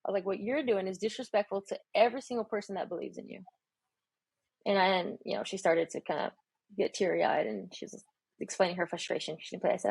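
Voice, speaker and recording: A woman's voice: mid-range voice, quick pace, vocal fry, husky, dry recording. A woman strength coach telling a story in a casual podcast chat, acting out her own dialogue with energy. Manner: animated, acts out her own quoted dialogue. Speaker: strength and conditioning coach, guest.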